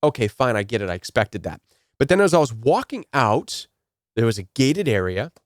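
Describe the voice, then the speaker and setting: Male self-help speaker, earnest storytelling with repeated phrases, middle pitch, dry sound. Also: very animated, moderate pace, no room sound. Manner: earnest, repeats key phrases, frequent "right?". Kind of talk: storytelling motivational talk.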